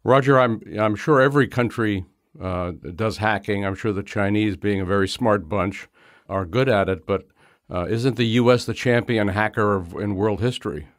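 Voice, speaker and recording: Low-voiced halting male host. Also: no echo, studio quality. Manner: halting, repeats words while framing questions. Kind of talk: interview.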